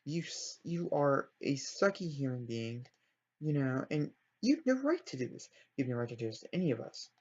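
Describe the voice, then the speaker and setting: A man's voice: mid-range voice, very animated, normal speed, breathy edge. A man voicing an orphan girl who angrily accuses her cruel aunt, on a dull lo-fi recording. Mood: indignant. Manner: indignant, accusing.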